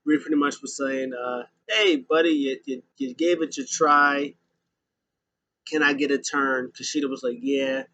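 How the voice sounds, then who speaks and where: A man's voice: on the high side, animated, a little slow, creaky, pushed and bright, slight background noise, low-quality recording. A man, the host, recapping a show in a casual, rambling way with many fillers and restarts. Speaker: podcast host recapping wrestling.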